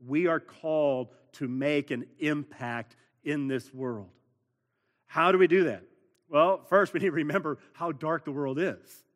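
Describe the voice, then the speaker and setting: Pastor, male, slightly high voice, earnest sermon delivery with building emphasis, long hall reverb. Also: fairly bright tone. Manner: earnest preaching with repeated words and rising emphasis.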